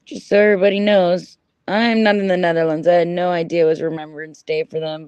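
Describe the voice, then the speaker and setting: A woman chatting casually on a livestream, animated and swearing freely as she talks back to her chat. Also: fairly low pitch, a little fast, clear, resonant tone, no room sound. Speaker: livestream host.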